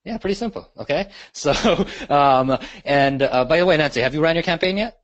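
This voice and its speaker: Recorded dry with the highs cut off, a man with a fairly high, expressive, quick voice teaches a live real estate marketing training. His style is conversational: he repeats questions and checks in with "right?" and "okay?" after most points.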